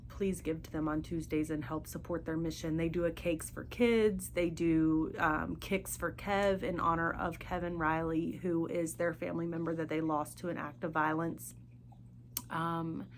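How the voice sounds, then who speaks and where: A middle-aged woman hosting a podcast, talking earnestly and haltingly about grief and faith, often searching for her words. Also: deep voice, slight background noise. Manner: speaks openly of grief and faith. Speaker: podcast host. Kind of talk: personal monologue.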